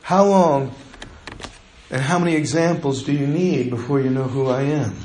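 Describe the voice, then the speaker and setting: A man preaching a sermon in a church, conversational, with slow, quiet passages for emphasis. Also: mid-range voice, slight background noise. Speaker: pastor. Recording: echoey room.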